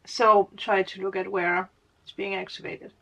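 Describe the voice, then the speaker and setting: A woman's voice: mid-range voice, little pitch movement, normal speed, creaky, bright, forceful tone. A woman giving a casual spiritual reading as a tarot reader, rambling, laughing often and correcting her own words. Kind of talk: casual spiritual guidance monologue.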